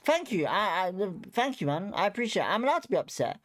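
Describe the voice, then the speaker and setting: A young man rants after a match as the host of a fan watchalong stream. He swears constantly and circles back on the same points in blunt, frustrated bursts. He keeps telling himself to stay calm and then flares up again. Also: high voice, fast talker. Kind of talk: heated post-match fan rant.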